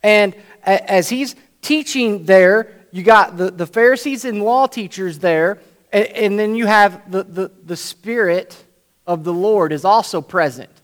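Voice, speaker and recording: High-voiced male preacher telling a story. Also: unhurried. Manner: animated, acts out the scene, frequent "right?". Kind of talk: sermon storytelling.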